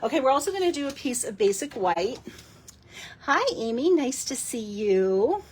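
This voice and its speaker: A chatty woman with a slightly husky, fairly high voice hosts a casual live crafting demo. She talks straight to her viewers and giggles often as she works. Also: big pitch swings, moderate pace, darkish tone. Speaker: live-stream card-making host.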